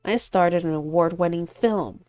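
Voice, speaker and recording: A woman reads a vengeful young male actor in a visual novel, taunting and sharp. Her own low voice carries the lines without much change. The sound is dry and close. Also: normal speed, no room sound, soft background music, lightly acted. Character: spiteful young man, rival actor bent on revenge.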